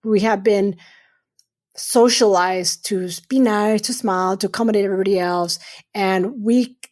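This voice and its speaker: A middle-aged woman guesting on a podcast as a urologist and surgeon speaks in a mid-range, steady, slightly mellow voice at a moderate pace. Her interview manner is earnest and emphatic, with frequent repetition of phrases for weight.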